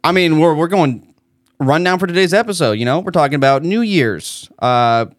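A man's voice: fairly high pitch, expressive, moderate pace, no room sound, clean studio sound. A man co-hosting a podcast who talks in a laid-back, rambling way. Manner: laid-back, rambling, with many fillers and restarts. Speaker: podcast co-host. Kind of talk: casual chat.

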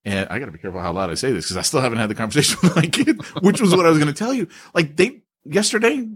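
Animated man on a podcast. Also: a little high, very fast, slightly rough. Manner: animated, emphatic, says "dude" a lot. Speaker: podcast co-host. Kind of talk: casual chat.

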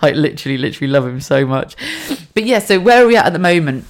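A woman, hosting a podcast as a chatty, animated monologue with frequent laughs and restarts. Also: deep voice, quick pace. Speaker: podcast host.

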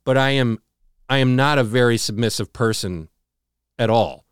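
A man co-hosting a podcast, retelling a story earnestly with halting restarts and a hushed, slowed delivery on dramatic moments. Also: clear, resonant tone, no room sound, clean studio sound. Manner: slows and drops to a low hush on dramatic moments. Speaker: podcast co-host. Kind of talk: casual storytelling chat.

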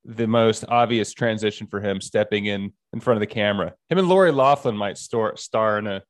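A man's voice: lowish voice, fairly quick, no echo, clean studio sound. A man co-hosting a sports podcast in casual, teasing banter. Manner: joking, teasing, argumentative. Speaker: podcast co-host.

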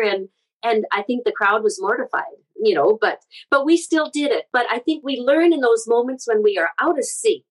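A woman's voice: a little high, poor audio. Earnest Midwestern woman telling stories. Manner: earnest, animated storyteller with frequent restarts. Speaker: guest speaker and author. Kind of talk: conversational interview storytelling.

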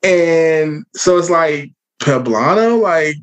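A man's voice: on the high side, lively intonation, slow. A man on a casual discussion panel, rambling and repeating words, playfully judging. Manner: rambling, repeats words while searching for them. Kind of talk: casual group chat.

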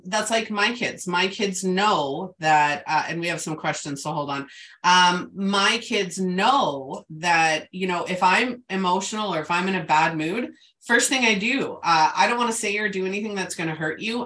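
A woman's voice: fairly low pitch, normal speed, bright, forceful tone, far from the mic. A middle-aged woman hosting a casual chat, telling stories in a chatty way full of fillers and asides. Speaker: host.

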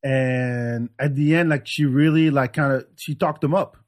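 A man's voice: mid-range voice, steady tone, normal speed, darkish tone. A comedian on a podcast in loose casual chat, swearing freely and stammering as he restarts sentences.

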